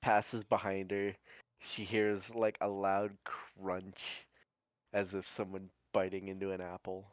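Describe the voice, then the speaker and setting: Low-voiced man narrating slowly. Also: monotone, smooth, no echo. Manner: slow, hesitant narration. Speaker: player. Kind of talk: tabletop role-play narration.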